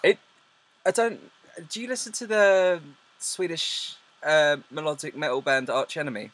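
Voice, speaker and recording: A man's voice: on the high side, normal speed, a bit bright, no room sound. A man hosting a podcast over a video call, easygoing and jokey, laughing often as he talks. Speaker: podcast host. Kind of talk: casual chat.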